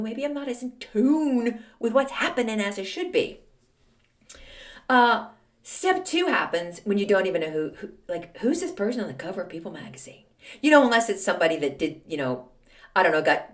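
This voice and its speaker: Snarky, animated woman podcast host. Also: a little high. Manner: snarky, animated, self-mocking storytelling. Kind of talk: casual solo monologue.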